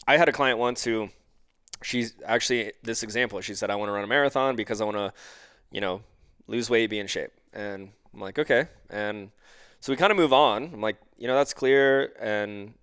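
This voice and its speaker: A man's voice: lowish voice, fairly bright tone, clear, resonant tone, dry recording, clean studio sound. A man on a podcast as a guest life coach. He explains ideas through examples and acts out the lines of the people he quotes. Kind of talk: conversational podcast interview.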